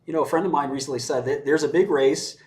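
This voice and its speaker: A man's voice: fairly high pitch, steady tone, fast, a little mellow. A man giving his views in casual conversation, blunt and sardonic, often laughing as he mocks. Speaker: commentator. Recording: roomy echo.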